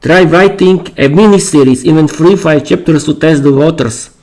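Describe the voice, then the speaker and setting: Hoarse man hosting a live stream. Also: a little high, a little mellow, poor audio. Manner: halting, repeats words and restarts. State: losing his voice, clearing his throat. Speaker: podcast host. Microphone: streaming mic.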